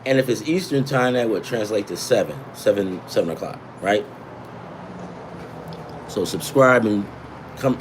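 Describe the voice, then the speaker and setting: Hosting a sports betting livestream, a man with a lowish voice rambles and repeats himself, giving emphatic tips and chatting with viewers. Background noise is audible.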